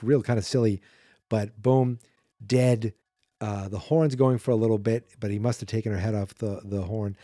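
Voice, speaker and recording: A podcast host with a warm, mid-range voice casually recaps a film, chatting and rambling while often correcting himself mid-sentence. The sound is studio quality with no echo.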